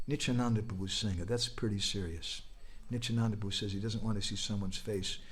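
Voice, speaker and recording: A man giving a storytelling sermon at a religious festival, animated, leaping up in pitch and volume when he quotes someone, with humorous asides and prompts like "huh?" to his listeners. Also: fast talker, slightly rough. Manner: animated, leaps high and loud when quoting and crying out.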